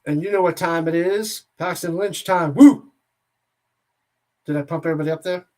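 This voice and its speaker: Jokey excitable man calling a game. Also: a little high, normal speed. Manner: jokey and excitable, rambles between plays; shouts on big plays. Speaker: watch-party play-by-play host. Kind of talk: casual play-by-play commentary.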